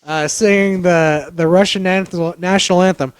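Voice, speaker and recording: A tipsy young man tells a story in loose, profane, laughing chat. His voice sits high for a man. The sound is close and dry, with no room around it. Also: normal speed, clean tone, no room sound. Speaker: podcast co-host. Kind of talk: drunk casual chat. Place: living room.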